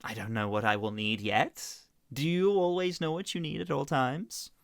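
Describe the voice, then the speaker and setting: A woman's voice: extremely low pitch, moderate pace, dry recording, clean studio sound. A woman voicing a sly female spellcaster who trades magic for favors, speaking in a coy, bargaining drawl.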